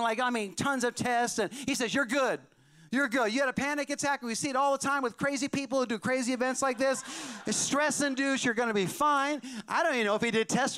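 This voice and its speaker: A man preaching a sermon through a personal story, animated and building to shouted high points. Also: clean tone. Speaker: pastor.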